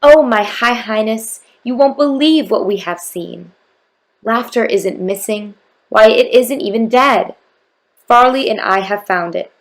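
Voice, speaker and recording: A caring storybook court jester, as a woman reading aloud puts him on, gentle and coaxing. The voice has a light gravelly fry. He stays hopeful and kind. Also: mid-range voice, measured pace.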